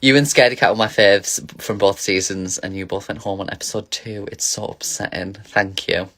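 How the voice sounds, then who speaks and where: A man's voice: lowish voice, steady tone, moderate pace, fairly bright tone. A man casually chatting on a phone livestream as a drag performer, reading viewer questions aloud and answering with camp, giggly energy.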